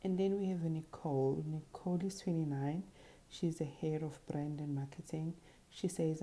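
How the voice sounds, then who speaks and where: A woman giving a casual, chatty recap of a show's cast, tossing in quick sassy asides. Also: sits low, dark tone. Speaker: reality show commentator. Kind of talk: casual show recap to camera.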